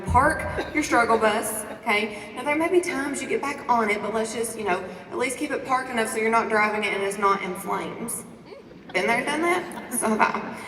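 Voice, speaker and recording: A woman giving a lively motivational talk to a conference audience, asking the crowd questions and preaching about faith and confidence. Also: on the high side. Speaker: conference speaker. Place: large conference hall. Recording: echoey hall recording from a distance.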